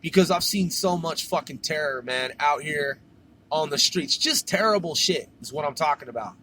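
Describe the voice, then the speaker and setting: Man, high voice, casual storytelling, profane, drawling. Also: lively intonation, normal speed, sharp tone, slight background noise.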